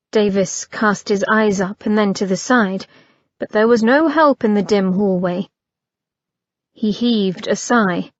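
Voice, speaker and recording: A woman narrating an audiobook in a measured, expressive reading. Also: medium pitch, no echo, dull audio.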